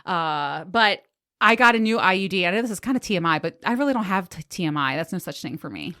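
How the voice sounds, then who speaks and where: Bright-voiced, foul-mouthed woman podcast host. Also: quick pace. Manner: frank, profane and laughing, with lively swings in pitch. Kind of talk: casual chat.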